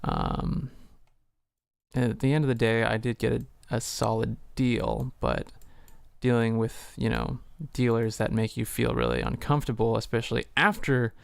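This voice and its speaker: In a casual livestream from his home, a man talks with many fillers and some cursing, acting out both parts of a conversation while keyboard clicks are audible. His medium-pitched voice is smooth with vocal fry, delivered flatly at a moderate pace, and there is no echo.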